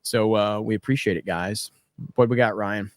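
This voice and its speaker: A man's voice: lowish voice, fairly even intonation, normal speed, no room sound, studio quality. A man hosting a live stream in casual chat, laughing often as he tells stories. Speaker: show host.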